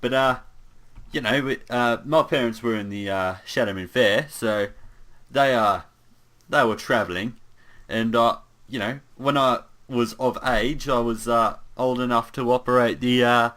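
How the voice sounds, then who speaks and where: A man's voice: mid-range voice, unhurried, a bit bright, lightly acted. A man voicing a bumbling, easygoing young human paladin in an in-character monologue, rambling with lots of fillers and asides.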